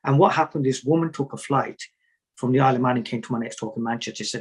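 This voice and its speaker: Guy with a husky voice, sufi teacher type, chatty stories, keeps repeating himself. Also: mid-range voice, level tone, rapid-fire, low-quality recording. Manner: storytelling, repeats words, jokey asides. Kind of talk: conversational interview answers.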